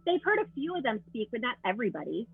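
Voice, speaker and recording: A woman player in a tabletop game, chatting and asking quick questions. Her voice is fairly high and lively and comes over a thin, phone-like line. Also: husky, no room sound. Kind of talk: casual tabletop game chat.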